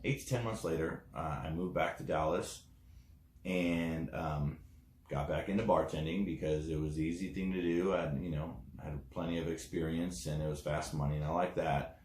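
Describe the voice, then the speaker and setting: A man's voice: rumbling low, steady tone, moderate pace, darkish tone, reverberant, a little hiss or hum. A man telling his testimonial story casually, rambling with many fillers and acting out the dialogue he quotes. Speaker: network marketing distributor.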